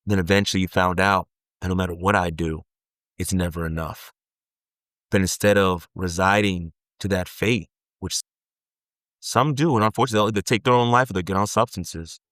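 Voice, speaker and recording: A man's voice: low voice, fairly even intonation, normal speed, a bit bright, dry recording, studio quality. Earnest man giving a motivational talk. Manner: earnest, pleading, repetitive emphasis. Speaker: self-help speaker.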